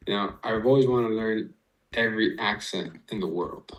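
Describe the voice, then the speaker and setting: A trading streamer talks his live chat through chart setups and trade entries step by step, swearing freely and calling out viewers. His voice is lowish and moderately paced, with background noise in the recording.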